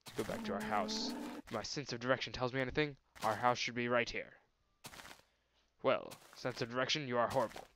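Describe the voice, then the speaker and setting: A young man with a medium-pitched voice gives brisk let's play commentary on his own gameplay, putting on a silly, mock-grand voice to address the animals and trees. It's a noisy amateur recording.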